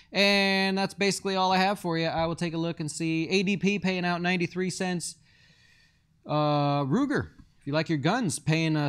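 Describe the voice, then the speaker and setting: A man hosting a live stock market show as a fund manager, reading viewer questions and talking loosely with many fillers and restarts. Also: a little high.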